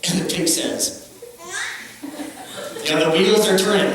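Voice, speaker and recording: A high-pitched pastor preaches a conversational, joking sermon at a measured pace, acting out the quotes he shares. He's recorded from a distance in an echoey church hall, with crowd noise in the background.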